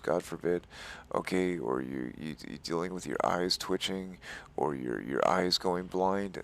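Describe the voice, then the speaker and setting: A man's voice: low voice, creaky, a bit bright, a little hiss or hum. A man hosting a game settings walkthrough, exasperated and rambling, calling the viewer "dude" and insisting he is staying chill. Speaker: gaming tutorial host.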